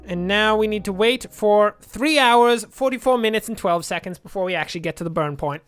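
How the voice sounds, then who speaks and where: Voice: mid-range voice, brisk, clear, resonant tone, no echo, faint music behind. A let's play gamer giving chatty game commentary, thinking aloud and drifting into jokey tangents.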